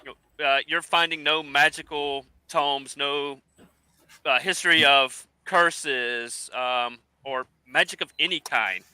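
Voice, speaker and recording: A man narrating a tabletop game as game master, halting and searching for words as he describes the scene. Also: on the high side, fairly even intonation, bright, forceful tone, clean tone, no echo, rough recording.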